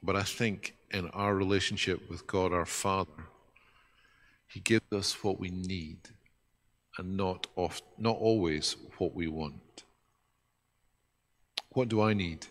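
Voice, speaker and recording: Slow, deep-voiced man preaching. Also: fairly even intonation. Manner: earnest, reflective, drops to a soft hush at key points. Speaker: pastor. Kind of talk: sermon.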